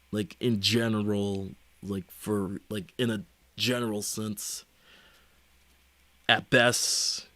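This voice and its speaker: A young man streaming, talking casually in a rambling, halting way full of fillers and restarts. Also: fairly low pitch, a bit bright, dry recording. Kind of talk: casual livestream chat.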